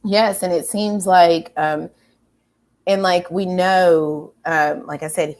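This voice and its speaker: A woman's voice: lowish voice, steady tone, slow, darkish tone. A woman hosting a casual pop culture chat, enthusiastic and rambling, with many fillers and restarts. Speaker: host.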